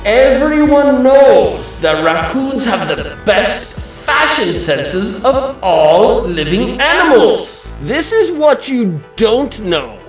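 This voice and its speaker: Comedy vlogger, male, grandiose and theatrical, slow deliberate delivery, faint music behind. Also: very high voice, very animated. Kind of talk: absurd comedic character monologue.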